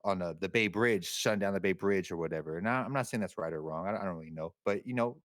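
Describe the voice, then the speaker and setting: A man's voice: low-pitched, fast talker, a bit bright, no echo. A young man, talking casually as a podcast guest, rambling and slangy, with lots of swearing. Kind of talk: casual chat.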